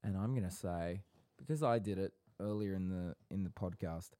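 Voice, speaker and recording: A man's voice: deep voice, normal speed, warm tone, no echo, clean studio sound. A young man co-hosting a podcast, chatting casually in a rambling, teasing and playfully theatrical way. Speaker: podcast co-host.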